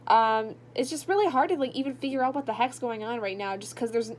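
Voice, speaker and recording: Young female book vlogger, tired and yawning, loose filler-heavy chat at home, slightly high voice. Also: fairly quick, a little hiss or hum. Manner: rambling, filler-heavy, drowsy. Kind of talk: casual late-night vlog chat. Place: at home at night.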